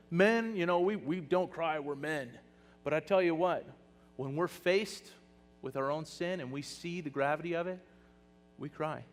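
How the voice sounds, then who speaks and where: A male pastor preaching a sermon, animated and swinging between soft, hushed lines and loud bursts. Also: sits high. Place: church hall. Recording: long hall reverb.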